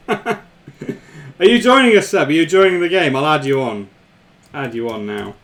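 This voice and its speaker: A man's voice: on the high side, unhurried, long pauses, fairly bright tone. A man hosting a live stream, chatting casually with viewers, laughing often and repeating himself.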